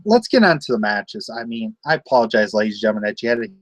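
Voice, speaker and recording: A man's voice: on the low side, sing-song, fast, no room sound. A man hosting a wrestling show, cutting a taunting, sarcastic trash-talk promo.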